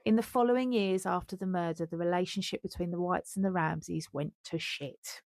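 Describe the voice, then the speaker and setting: A woman's voice: on the low side, brisk, a little mellow, dry recording. Woman co-host narrating true crime. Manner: reads script then breaks off into joking asides. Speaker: podcast co-host. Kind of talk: scripted true-crime narration mixed with casual chat.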